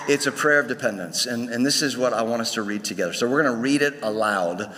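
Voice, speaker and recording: A man's voice: medium pitch, lively intonation, fast talker, hardly any pauses, sharp tone. A male pastor preaching a sermon to his congregation in a conversational way, often restarting his phrases. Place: church sanctuary. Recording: long hall reverb.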